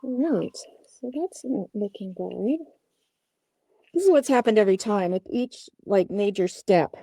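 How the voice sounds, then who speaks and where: Woman puppet maker, chatty and apologetic, mellow tone, dry sound, outdoors. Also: medium pitch, lively intonation, measured pace, husky, dry recording. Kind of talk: casual livestream commentary.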